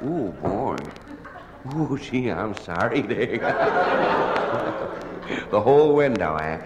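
A hungover man stammering through a one-sided comic phone call, sheepish and apologetic, full of hesitant restarts. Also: on the low side. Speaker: comedian. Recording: live recording in a large echoing hall with ambient noise.

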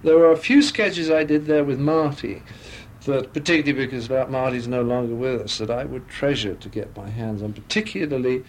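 A man's voice: mid-range voice, brisk, a little hiss or hum. A man talking as a guest in a radio interview, telling chatty anecdotes into a studio microphone.

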